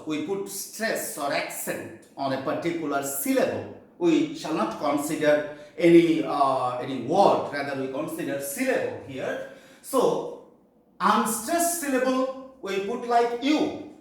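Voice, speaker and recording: High, lively-pitched male teacher, echoey. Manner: explanatory, with pauses and fillers. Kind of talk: classroom lecture on poetry.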